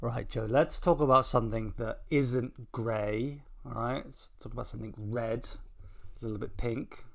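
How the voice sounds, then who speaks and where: A man's voice: medium pitch, fairly even intonation, normal speed, creaky. A man co-hosting a casual sports podcast, trading teasing, mock-dramatic banter. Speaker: podcast co-host.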